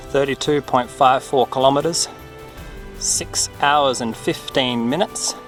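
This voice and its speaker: A man talking casually to the camera in a self-filmed vlog, excitable and rambling, outdoors on a trail. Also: mid-range voice. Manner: excitable, rambling, swears mildly. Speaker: vlogger, trail runner.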